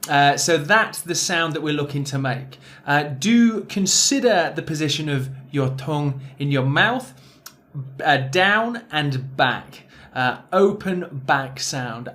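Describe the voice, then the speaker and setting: Male pronunciation teacher, Northern English accent, unhurried delivery, a little higher than most men, stretches out his example words. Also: expressive, a bit bright. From Northern England. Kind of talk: recorded language lesson.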